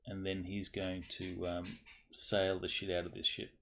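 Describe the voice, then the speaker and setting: Gravelly deep-voiced male player. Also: completely flat delivery, pushed and bright. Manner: halting, explains plans at length. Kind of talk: tabletop game chat.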